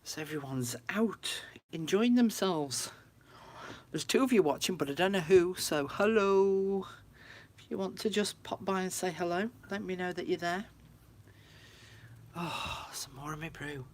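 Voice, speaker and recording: A woman's voice: fairly low pitch, a little slow, a little mellow. A woman chatting casually to viewers on a craft livestream from her room at home. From United Kingdom. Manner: chatty, talks to viewers, frequent laughs.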